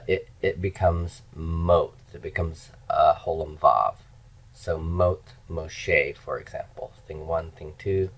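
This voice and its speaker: A man's voice: low voice, a bit bright, dull audio. A middle-aged man teaching a language class, explaining step by step and checking in with his listeners. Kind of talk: lecture.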